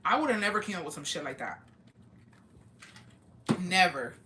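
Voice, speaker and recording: On a noisy livestream, a host with a lowish female voice chats at a normal pace and reads out viewer comments. Her storytelling is lively and loaded with filler words, and she curses and laughs a lot.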